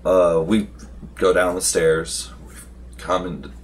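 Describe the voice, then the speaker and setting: Slow, low-voiced man rambling through a game recap. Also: level tone, slight background noise. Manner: loose storytelling with many fillers and restarts. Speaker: vlogger recapping a tabletop game session.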